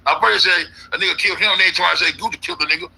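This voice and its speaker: A man's voice: sits high, very fast, vocal fry, bright, forceful tone, husky, low-quality recording. A man ranting in a casual, profane, rambling way, repeating himself as an internet commentator. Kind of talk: casual conspiracy rant.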